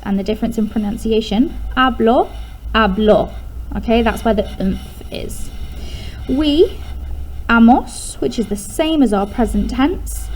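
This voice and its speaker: A woman's voice: a little high, dark tone, a little hiss or hum, low-quality recording. An English woman teaching a recorded lesson, explaining patiently step by step and stressing key syllables.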